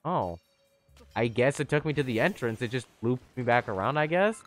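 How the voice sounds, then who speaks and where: A man giving chatty, excitable live commentary on a game he is playing, with sudden high squeals. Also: moderate pace, faint music behind. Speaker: streamer.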